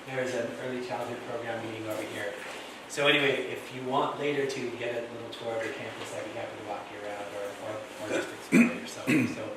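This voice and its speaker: Guy rattling off housekeeping notes fast, far away in an echoey hall. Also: medium pitch, steady tone, crowd noise. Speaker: event organizer. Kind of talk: housekeeping announcements. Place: school hall.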